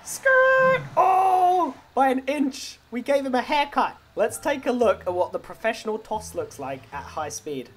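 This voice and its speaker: A young man in a game role-play, playing a tow truck driver with excitable, teasing commentary and frequent laughter. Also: very high voice, moderate pace, hardly any pauses, slight background noise.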